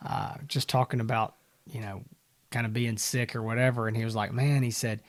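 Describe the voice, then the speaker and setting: A man's voice: fairly low pitch, little pitch movement, brisk. A man hosting a casual talk show, friendly and chatty, with a drawl and an easy laugh. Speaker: podcast host. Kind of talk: casual chat.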